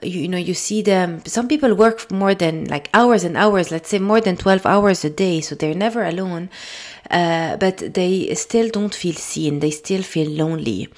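A woman's voice: fairly low pitch, a little slow. French-accented woman hosting a podcast. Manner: thoughtful, gentle, with frequent fillers and restarts. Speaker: podcast host. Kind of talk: casual solo podcast talk.

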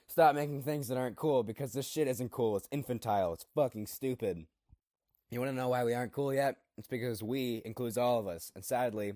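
A profane, preachy artist lays into his peers, voiced by a man reading a story aloud, in a very low, deep voice with a dry, scratchy throat. The delivery is crude and sermon-like, and the sound is close and dry, with no room echo. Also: a little mellow, close to an everyday voice. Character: ranting male artist addressing fellow artists.

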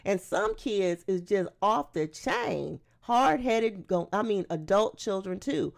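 Gravelly, animated woman preaching. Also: mid-range voice, slow pace. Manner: animated, emphatic preaching that breaks into acted-out quotes; reads scripture aloud, then explains it conversationally. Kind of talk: sermon.

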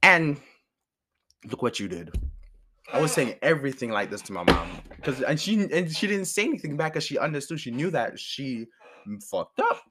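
A man spinning a personal story in loose, casual chat. His voice sits at an ordinary middle pitch, and he talks in an animated, profane way that swings between exasperation and amusement. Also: moderate pace, background noise. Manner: animated, profane, laughs often.

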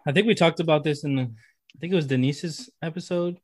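A man's voice: fairly high pitch, fairly quick, no echo, clean studio sound. A man co-hosting a podcast interview, talking in an emphatic, heartfelt way and repeating phrases for emphasis. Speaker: podcast co-host. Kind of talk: casual interview chat.

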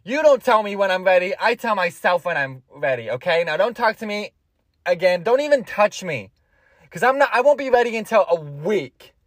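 A man's voice: high voice, sing-song, normal speed, fairly bright tone, no room sound, clean studio sound, heavily acted. A man doing a sassy, stubborn avocado. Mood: snippy. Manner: bossy, snippy. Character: fussy, sassy talking avocado, touchy and stubborn.

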